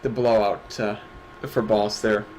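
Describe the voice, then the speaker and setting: A man's voice: fairly low pitch, level tone, measured pace, darkish tone, slight background noise, poor audio. A man co-hosting a livestreamed awards show, chatting casually with sarcastic jokes and casual swearing. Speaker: stream co-host. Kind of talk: casual stream chat.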